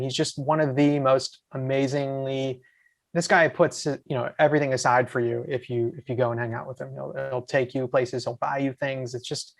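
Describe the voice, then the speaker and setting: A man sits in as a podcast guest and spins enthusiastic stories that wander through plenty of asides. His voice sits in an ordinary middle pitch, and he talks in a loose, casual way. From USA. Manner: rambling, enthusiastic, lots of asides. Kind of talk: casual storytelling.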